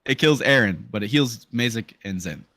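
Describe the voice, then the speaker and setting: Man as game master, low voice, dry close sound, casual halting narration. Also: animated, sharp tone, no room sound.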